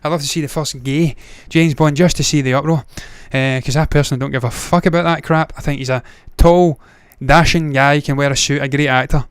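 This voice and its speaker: Hosting a movie news livestream, the man talks briskly with hardly any pauses, his fairly high voice kept steady. He gives blunt, opinionated takes and swears a lot in this casual commentary, recorded clean and dry.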